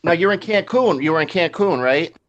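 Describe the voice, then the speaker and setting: A man with a fairly high voice chimes in during casual chat. He is knowing and conspiratorial, hinting at what lies behind the story. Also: animated, brisk, muffled recording, background noise.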